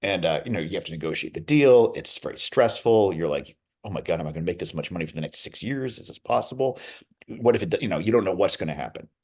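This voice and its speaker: Animated, low-voiced male actor guest. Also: fast talker. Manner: animated storyteller, many restarts and asides. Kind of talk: casual interview storytelling.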